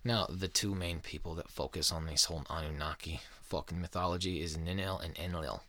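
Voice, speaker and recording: Low-voiced profane podcast guy. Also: fairly even intonation, a little fast, fairly bright tone, dry recording. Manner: profane, rambling, sarcastic. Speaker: podcast host. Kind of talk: casual chat.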